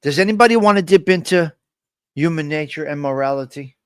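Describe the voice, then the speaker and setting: A man with a slightly high voice hosts a casual live stream from his desk microphone, loose and jokey. He keeps calling out his viewers by name, and the sound is dry and close, with no room echo. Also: fairly quick, clear, resonant tone.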